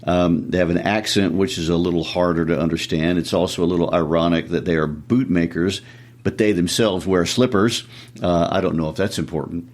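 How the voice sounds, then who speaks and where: A man with a deep voice co-hosts a literature podcast. He chats in a relaxed, casual way and reads passages of a story aloud. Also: fairly quick. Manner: relaxed and conversational. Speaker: podcast co-host. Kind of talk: casual discussion and reading narration aloud.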